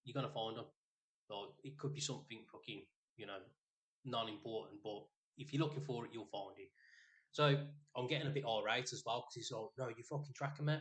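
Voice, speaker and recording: A man's voice: mid-range voice, a little fast. A man, co-hosting a podcast and telling a rambling, sweary story in casual chat. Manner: rambling, sweary, animated retelling. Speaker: podcast co-host.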